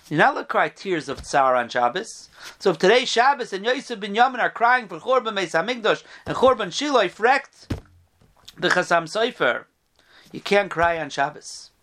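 A man teaching a Torah class, reading out Hebrew texts in a chanting study-hall cadence. He rises in pitch to stress a point, drops low and soft when quoting sources, and often clears his throat. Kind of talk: Torah lesson.

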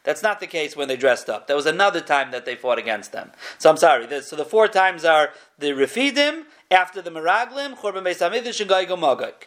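A man's voice: fairly high pitch, expressive, brisk, few pauses, fairly bright tone. A man teaching a weekly text class in a conversational way, correcting himself as he goes and mixing Hebrew terms into his English. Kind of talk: textual study lecture.

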